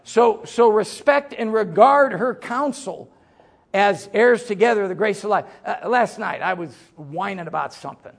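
A middle-aged preacher man with a high, gravelly voice and a husky edge. He preaches in a folksy, joking way, swinging between loud emphasis and quiet asides. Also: expressive, moderate pace. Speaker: pastor. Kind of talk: sermon.

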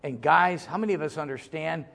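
A middle-aged man preaching a sermon as pastor, folksy and joking, swinging from loud emphasis to low asides. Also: brisk, gravelly.

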